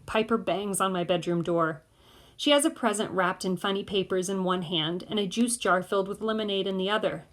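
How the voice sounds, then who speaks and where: A woman narrating an audiobook in the first person of a boy, in a measured way. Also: mid-range voice, fairly bright tone.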